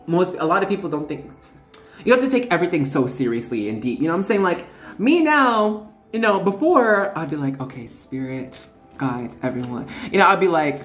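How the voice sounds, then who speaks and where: Twenties female tarot reader, casual and playful, very animated pitch, roomy echo. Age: 20s. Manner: chatty, laughing, slangy. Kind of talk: casual tarot reading chat.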